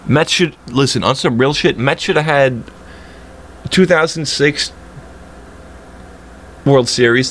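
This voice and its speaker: A man streaming a game rants in a loose, casual way and swears constantly. His voice drops into low, muttering complaints and then jumps up sharply into exasperated, louder bursts. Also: slight background noise. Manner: heated, profane, swings from low grumbling to loud high outbursts. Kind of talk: casual ranting chat while streaming.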